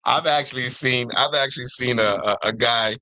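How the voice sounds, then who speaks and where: A man's voice: mid-range voice, steady tone, fairly quick, bright, forceful tone, dry recording. A young man talking in a casual podcast chat, emphatic and given to acting out what people said. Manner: emphatic, acts out quoted voices. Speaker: podcast co-host.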